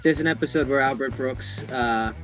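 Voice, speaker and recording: A man's voice: medium pitch, normal speed, a bit bright, soft background music. A man chatting casually on a podcast, eager and talkative, with many fillers. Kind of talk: casual chat.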